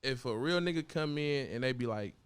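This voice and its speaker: A man's voice: medium pitch, brisk, clean tone. A young adult man from Oakland, a rapper guest, talking loosely in slang and acting out quotes from others. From Oakland, California. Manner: loose, animated storytelling with slang and acted quotes. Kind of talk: casual interview talk.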